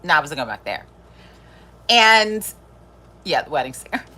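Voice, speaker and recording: A woman's voice: deep voice, very animated, normal speed, pushed and bright. A middle-aged woman hosting a live stream, chatting casually, swearing freely and laughing often. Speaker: livestream host.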